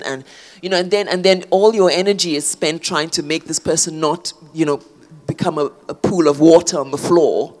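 A woman's voice: low-pitched, measured pace, pauses often. A woman, an author, speaking thoughtfully in a public on-stage conversation, with many fillers and restarts. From South Africa. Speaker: author guest.

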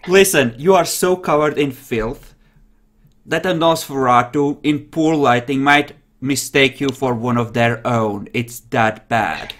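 A young man narrating a tabletop role-playing game as game master, lively and quick to laugh. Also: mid-range voice.

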